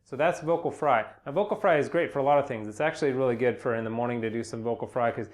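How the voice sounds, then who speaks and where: A young man giving a casual spoken singing lesson, relaxed and rambling, with many fillers and restarts. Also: mid-range voice, fast. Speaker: singing teacher. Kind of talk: casual spoken vocal lesson with sung demonstrations.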